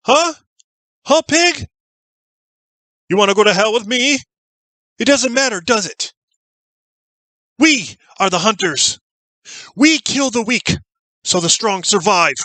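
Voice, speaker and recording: A man voicing a fanatical male killer who taunts in a loud, raised voice. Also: very high-pitched, dry recording, pitched above the performer's own voice, exaggerated voice.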